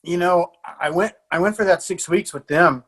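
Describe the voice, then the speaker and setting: A man's voice: sits high, normal speed, slightly rough. A middle-aged American man, a jiu-jitsu coach, telling stories casually as a podcast guest, swearing freely and laughing often. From USA. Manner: animated storyteller, swears, frequent restarts and laughs. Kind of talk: casual storytelling.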